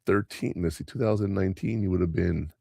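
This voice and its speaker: Gravelly middle-aged man telling stories. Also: low voice, fairly quick, no room sound, clean studio sound. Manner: rambling, animated storyteller who mimics voices. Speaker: podcast host. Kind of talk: casual storytelling chat.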